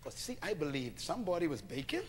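A man preaching a sermon to a congregation, emphatic and animated, calling for responses and now and then shouting out a line. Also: on the high side, quick pace, crowd noise.

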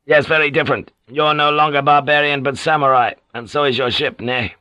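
A man's voice: fairly high pitch, steady tone, fairly quick, pushed and bright, clear, resonant tone, dry recording, pitched above the performer's own voice. A man voicing an arrogant, scheming middle-aged warlord who talks in blunt, clipped, mocking phrases.

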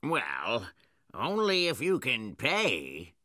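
An actor playing a blunt, money-minded male restaurant owner with a gravelly voice in a storybook radio drama. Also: medium pitch, huge pitch swings, very slow, sharp tone, dry recording, clean studio sound, heavily acted. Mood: grudging. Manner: blunt, grudging.

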